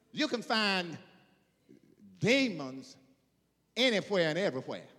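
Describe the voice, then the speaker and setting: A man preaching an emphatic sermon, repeating phrases and building to shouted peaks. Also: high-pitched, long reverb tail. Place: church.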